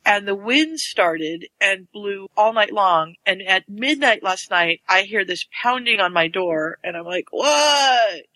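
A podcast co-host chatting casually, with a very bright, forward tone. The sound is dry and close, with no room echo, as they recount everyday mishaps in long, detailed runs. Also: medium pitch, unhurried, hardly any pauses. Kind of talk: casual chat.

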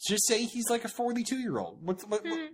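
A woman's voice: on the high side, sing-song, brisk, a crowd in the background. A woman co-hosting a podcast, chatting bluntly and emphatically in a casual group talk. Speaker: podcast co-host.

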